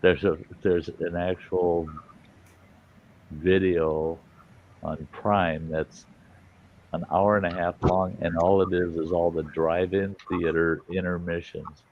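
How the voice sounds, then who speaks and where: A man with a very low voice hosts a casual livestream chat, spinning rambling, salty stories. His audio is dull and lo-fi with a faint hiss beneath it. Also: level tone, slow pace. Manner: rambling storyteller, salty, acts out quotes. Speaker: host.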